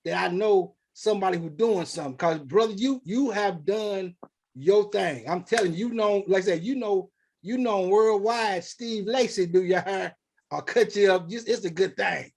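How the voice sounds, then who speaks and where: High-voiced man hosting a rambling chat. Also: moderate pace, vocal fry. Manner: animated, rambling storytelling with quoted dialogue. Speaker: show host. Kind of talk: casual conversational interview.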